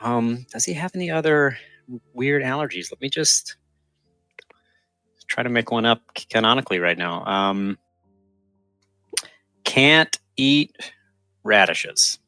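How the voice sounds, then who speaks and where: A man joins a tabletop game with casual, dry jokes. His tone is bright and pointed, and the sound is dead dry and close. Faint music lies behind. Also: medium pitch, slow pace, pauses often, clean tone, no room sound. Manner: dry, joking. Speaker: player.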